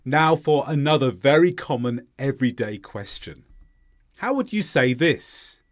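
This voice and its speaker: A man teaching an English pronunciation lesson, clearly and deliberately modeling stressed words for learners to repeat. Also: mid-range voice, animated.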